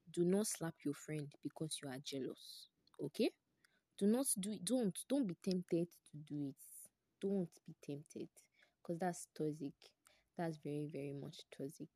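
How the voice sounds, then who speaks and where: A young woman with a Nigerian English accent tells a personal story on her podcast. She is animated and exclamatory and repeats phrases for emphasis. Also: deep voice, measured pace. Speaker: podcast host.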